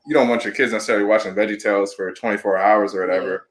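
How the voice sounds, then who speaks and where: A man co-hosting a church talk show, chatting in a relaxed, rambling way. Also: lowish voice, racing. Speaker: co-host. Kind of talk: casual chat.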